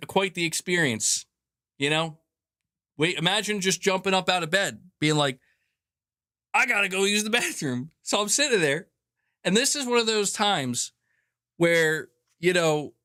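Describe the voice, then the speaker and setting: Bright, rambling guy hosting. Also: high voice, clear, resonant tone, no echo, studio quality. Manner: rambling, exasperated, jokey. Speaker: gaming news host. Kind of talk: casual chat.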